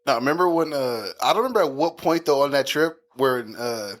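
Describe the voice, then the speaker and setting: A man's voice: mid-range voice, lively intonation, a little fast, fairly bright tone. Laid-back podcast co-host man. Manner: laid-back, chuckling, backs up his co-host. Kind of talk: casual chat.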